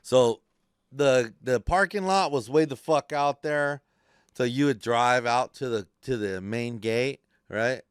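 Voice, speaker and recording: Profane, rambling man with a clear voice. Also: mid-range voice, slow pace, dry recording, clean studio sound. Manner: profane, rambling, animated storyteller. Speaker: podcast host. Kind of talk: casual storytelling chat.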